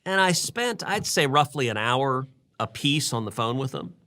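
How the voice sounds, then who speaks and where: A man's voice: mid-range voice, big pitch swings, moderate pace, pushed and bright. A middle-aged man and podcast host recounting events in earnest conversational storytelling, often repeating words as he restarts.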